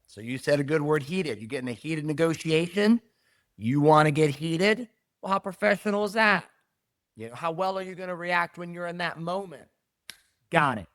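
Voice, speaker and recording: A middle-aged man, a jiu-jitsu academy owner, talking in a casual interview with emphatic, animated delivery and repeated key phrases. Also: a little high, moderate pace, no room sound, studio quality.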